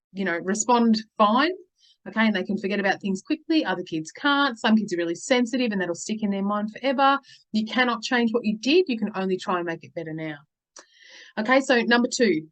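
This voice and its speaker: A middle-aged woman talks parents through advice in a medium-pitched voice. Her tone is earnest and reassuring, and she keeps checking in with little "okay"s. She sounds like a coach speaking straight to her viewers. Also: low-quality recording. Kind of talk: talking to camera, advice video.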